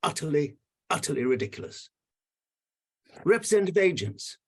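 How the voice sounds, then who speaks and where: A man's voice: fairly high pitch, expressive, moderate pace, slightly rough. An older man on a video call giving emotional, indignant remarks with emphatic repetition. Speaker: panel commenter.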